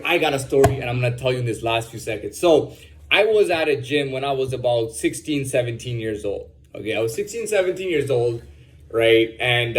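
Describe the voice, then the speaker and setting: A man's voice: mid-range voice, slight background noise. A young man talking in a casual, rambling monologue, repeating words and often saying "man.". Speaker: host.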